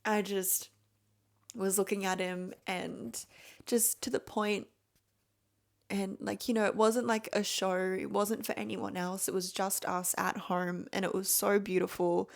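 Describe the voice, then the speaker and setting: A woman hosts a podcast and tells a personal story at an unhurried pace. She gushes, repeats her words and breaks into laughter often, and her voice sits at a middle pitch. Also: level tone, gravelly. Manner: emotional, laughs often while telling a story. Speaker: podcast host.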